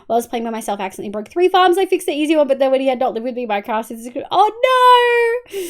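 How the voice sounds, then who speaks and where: Aussie lady gamer streaming, slightly high voice, chatty and sweary, goes from mumbly to loud. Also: rapid-fire. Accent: Australian. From Australia. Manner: chatty, swearing, thanks viewers by name; swings between quiet mumbles and loud bursts. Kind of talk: casual live-stream chat while gaming.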